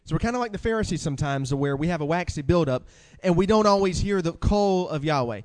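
A man preaching a sermon with animated delivery, asking the congregation questions and reading scripture aloud. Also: fairly high pitch, fast talker, long reverb tail.

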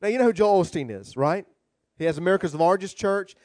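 High-voiced, animated man preaching. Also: quick pace, no room sound. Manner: animated, humorous storytelling preaching. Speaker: rabbi. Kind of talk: sermon.

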